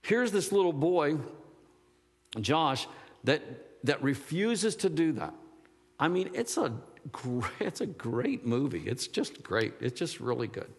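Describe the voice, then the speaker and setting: A man's voice: fairly high pitch, sing-song, takes it slowly, breathy edge. Man, pastor, rambling sermon, searching for words, long reverb, church sanctuary. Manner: rambling, searching for words, rising to emphatic fervor.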